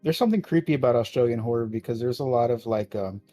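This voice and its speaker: Man, podcast co-host, crude banter, mellow voice, faint music under it. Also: medium pitch, fast talker, no room sound. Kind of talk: casual podcast chat.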